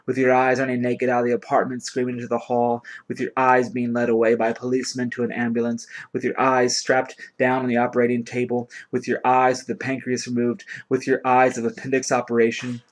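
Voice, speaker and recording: A man's voice: mid-range voice, monotone, a little fast, few pauses. A man giving a dramatic reading of a long poem in an incantatory, chanting rhythm. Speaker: poetry reader.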